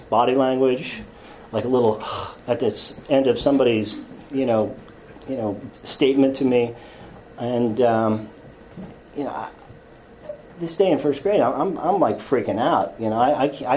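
A man with a mellow, low-key tone shares his own story before a group. He stumbles and restarts often and pokes fun at himself with a dry wit. A faint hiss sits under his voice. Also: rough recording. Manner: halting, stammered restarts, wry self-mocking humor. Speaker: speaker telling his life story to a group. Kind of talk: confessional storytelling talk.

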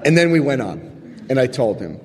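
A man sharing his recovery story with a live audience, telling it in an animated, chatty way, acting out scenes and checking in with his listeners. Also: medium pitch, a little fast, in a large hall, crowd noise. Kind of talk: personal testimony to a live audience.

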